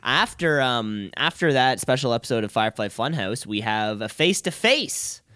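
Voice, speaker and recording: A man's voice: medium pitch, sing-song, moderate pace, pushed and bright, clean tone, dry recording, clean studio sound. A man co-hosting a podcast in casual chat, eagerly asking questions and repeating phrases. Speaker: podcast co-host. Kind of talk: casual chat about wrestling.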